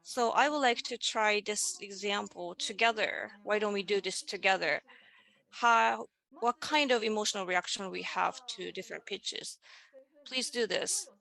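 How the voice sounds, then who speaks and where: A woman presents over a video call, her mid-range voice unhurried and deliberate. She explains each idea step by step and leads her listeners through simple vocal exercises. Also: mid-range voice, creaky, pushed and bright. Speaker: presenter in a panel dialogue. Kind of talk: online presentation on voice and music.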